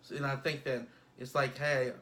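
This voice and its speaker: A man's voice: medium pitch, normal speed. Rambling man in casual podcast talk. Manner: rambling, animated when acting out scenes. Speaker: podcast co-host. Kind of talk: casual chat.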